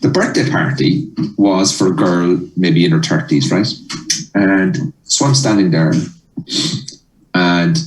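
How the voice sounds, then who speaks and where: Low-voiced comedian guy spinning a yarn, roomy sound, a bit off mic. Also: slow pace, far from the mic. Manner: animated storyteller, acts out dialogue. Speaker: comedian guest. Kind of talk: telling a story in a casual interview.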